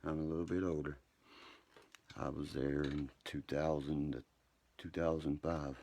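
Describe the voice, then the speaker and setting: A man's voice: a bass voice, level tone, unhurried, vocal fry, darkish tone, slight background noise. A man telling rambling, profane stories during a late-night livestream.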